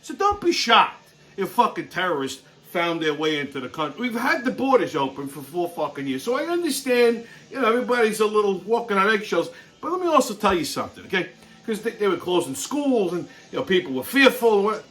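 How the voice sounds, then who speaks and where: High, animated, profane ranting man. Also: fairly quick. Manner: blunt, heavy swearing, repeated stammering restarts. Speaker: channel host.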